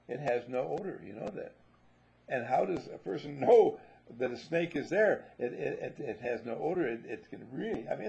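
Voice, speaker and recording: A man's voice: fairly high pitch, vocal fry, warm tone, husky, lo-fi sound. A man giving a spiritual talk, musing and telling stories, and sometimes repeating himself. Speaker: spiritual teacher.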